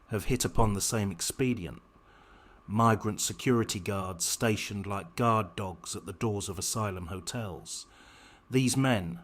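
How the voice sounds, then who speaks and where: Guy with a lowish voice reading commentary, measured and kinda sarcastic. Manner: measured, pointed, sardonic delivery. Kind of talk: scripted political commentary narration.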